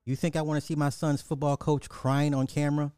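A man's voice: fairly high pitch, a little fast, clear, resonant tone, dry recording, clean studio sound. Man joking through reaction commentary. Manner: animated, joking, breaks into laughter. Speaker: reaction video host.

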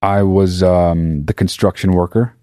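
A man's voice: low-pitched, steady tone, unhurried, dark tone, no echo, studio quality. A man telling a comedic story in a rambling monologue, swearing freely and mocking himself, often stopping to correct himself. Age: adult. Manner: profane, sarcastic, rambling with self-interruptions.

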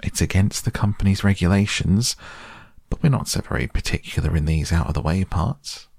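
A man's voice: low-pitched, moderate pace, creaky, a little mellow, husky, no room sound, studio quality, heavily acted. A man playing a kindly, burly engine driver with a homely country way of talking. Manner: homely country dialect, easygoing.

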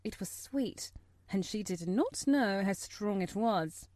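A woman reading a story aloud as an audiobook narrator, measured and expressive. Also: medium pitch, dry recording.

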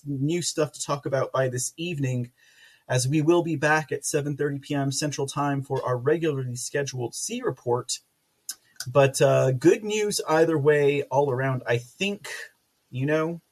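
A man hosting a casual political commentary livestream, rambling with many fillers and restarts, with sarcastic asides and loud laughs. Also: fairly high pitch, breathy edge. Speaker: podcast host.

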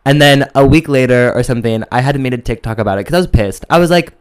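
A young man co-hosting a podcast, telling a story in a sassy, animated way and acting out quotes. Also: medium pitch, quick pace, hardly any pauses, clean tone. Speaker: podcast co-host. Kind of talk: casual chat, storytelling.

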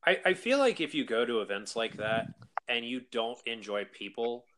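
A man's voice: medium pitch, very animated, moderate pace, fairly bright tone, slight background noise. A man, a convention organizer, chatting enthusiastically in a podcast interview with lots of fillers. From South Carolina. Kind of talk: casual interview chat.

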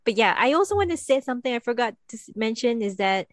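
A woman's voice: a little high, lively intonation, fast talker, no echo, studio quality. A woman co-hosting a podcast, chatty and playful, who laughs easily in casual talk. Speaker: podcast co-host.

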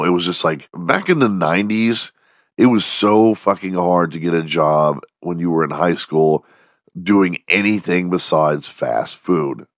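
Man, forties, strained voice, very deep, dry close recording, podcast host, profane jokey rambling. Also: no room sound. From Texas. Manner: profane, jokey, animated storytelling. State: strained, losing his voice. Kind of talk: casual rambling monologue.

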